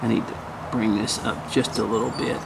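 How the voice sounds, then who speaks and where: Gravelly folksy man teaching woodcarving. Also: on the low side, level tone, brisk, background noise. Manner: folksy, hums and mutters while working. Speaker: woodcarving instructor. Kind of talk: casual step-by-step demonstration.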